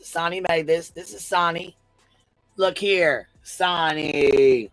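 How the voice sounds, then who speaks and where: A man's voice: on the high side, takes it slowly, gravelly, a bit bright, dry recording, faint music behind, rough recording. A man on a livestream panel reading a legal filing aloud, breaking off into blunt, profane, incredulous asides.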